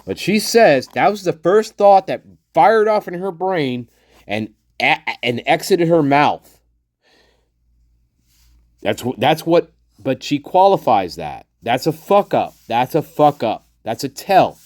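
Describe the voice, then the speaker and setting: The host of a true-crime commentary channel speaks bluntly and profanely, chuckling often, talking straight to viewers and acting out the people he quotes. His voice is fairly high with big pitch swings, slow and darkish, in clean studio sound without echo.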